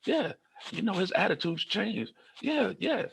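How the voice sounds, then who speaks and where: A man puts on a group of male facility staffers chatting at a meeting, their voices lifted well above his own. They trade quick, approving remarks. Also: sits high, big pitch swings, gravelly, a bit bright, a little hiss or hum, voice pushed up, heavily acted. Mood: chatty.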